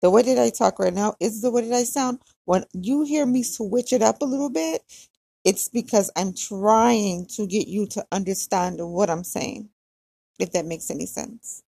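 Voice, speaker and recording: Chatty woman with a gravelly Hawaiian lilt. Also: medium pitch, moderate pace, dark tone, no room sound. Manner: chatty, confiding, quotes others. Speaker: podcast host. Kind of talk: casual diary-style chat.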